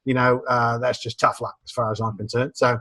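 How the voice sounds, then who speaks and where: A man with an Australian accent giving casual advice on humor, relaxed, with many fillers and restarts. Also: medium pitch, fairly quick. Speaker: guest speaker on humor.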